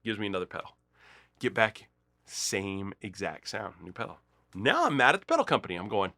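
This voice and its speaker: A man's voice: brisk, dry recording, studio quality. A man hosting a guitar gear show, telling a story with acted-out quotes and then demonstrating pedals in a casual, chatty way. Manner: animated storyteller, acts out quoted dialogue with big pitch jumps. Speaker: music store host demonstrating guitar gear.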